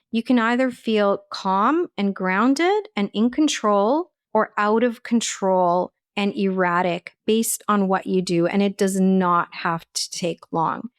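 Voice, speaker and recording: A woman speaks as a guest on an interview podcast, walking the listener through practical daily habits with an earnest, coaching manner. Her voice sits in a middle pitch, and the recording is close and dry with little room sound. She talks conversationally, leaning on fillers like "you know" and "like". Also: no echo. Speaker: holistic nutritionist and life coach, podcast guest.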